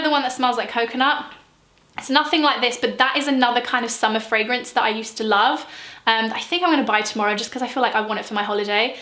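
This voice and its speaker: A chatty young woman, rambling and gushing as she reviews her collection. Her voice is crisp and bright and sits a little high. The room around her is echoey. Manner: gushing, rambling, lots of fillers. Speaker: beauty vlogger. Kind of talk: chatty product review vlog.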